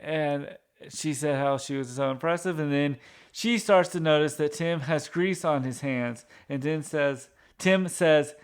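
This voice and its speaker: A man's voice: a little high, smooth. A man casually retelling a sitcom episode from memory, stumbling through restarts and fillers as he goes. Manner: halting, many restarts and fillers. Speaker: recapping a TV episode. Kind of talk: casual unscripted recap.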